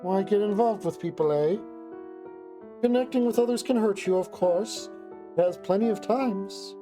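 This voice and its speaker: A man's voice: high-pitched, normal speed, music in the background, lightly acted. A streamer voicing Claire, a kind and earnest young woman in a visual novel, speaking in a raised, sincere, pleading voice. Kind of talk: reading a game's dialogue aloud on stream.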